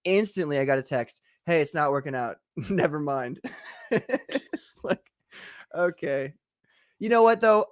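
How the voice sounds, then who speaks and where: A man's voice: on the high side, no room sound, clean studio sound. A man hosting a casual livestream chat, loose and joking as he reads out viewer comments. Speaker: show host.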